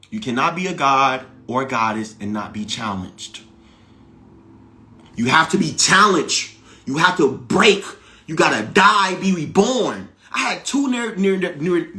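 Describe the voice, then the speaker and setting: Man, spiritual teacher: bright, high voice; preachy, emphatic delivery with repeated lines and sudden loud bursts. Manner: swings from loud exclamations to low, quiet asides. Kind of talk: motivational spiritual monologue.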